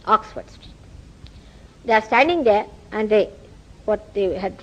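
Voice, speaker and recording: A woman's voice: medium pitch, measured pace, lo-fi sound. A woman with an Indian accent giving a spiritual lecture, telling stories and acting out quoted dialogue. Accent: Indian English. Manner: animated storytelling, acts out quoted dialogue. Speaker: spiritual teacher.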